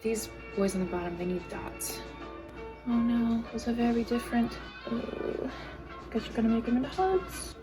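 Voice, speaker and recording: A woman's voice: on the high side, moderate pace, over music, rough recording. A young woman hosting a casual stream, chatting in a playful, self-deprecating way. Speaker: singer and live-stream host.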